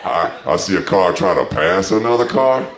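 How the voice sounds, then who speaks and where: A man voicing a deep, gravelly, swaggering street-talking guy in a stand-up set, punchy and boastful. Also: expressive, moderate pace. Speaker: stand-up comedian. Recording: roomy club with loud laughter.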